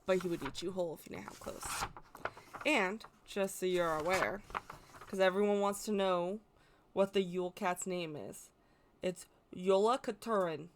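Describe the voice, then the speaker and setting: A woman's voice: fairly low pitch, moderate pace, slight background noise. An American woman explaining folklore in a casual, chatty way, correcting herself as she goes and adding playful asides. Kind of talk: casual educational talk.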